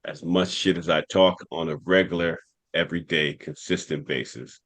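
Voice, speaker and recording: A man with a very deep, low voice, chatting on a podcast. The sound is dry and close, with no room echo. He talks in a relaxed, frank way. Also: normal speed. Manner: relaxed, asks questions, then talks frankly about himself. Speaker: podcast co-host. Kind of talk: casual podcast chat.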